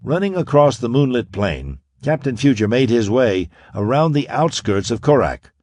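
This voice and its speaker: A man narrating an audiobook, his mid-pitched voice rising and falling with lively expression. The storytelling is steady and dramatic, and the recording is dry and close. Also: moderate pace, dry recording. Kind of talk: scripted narration.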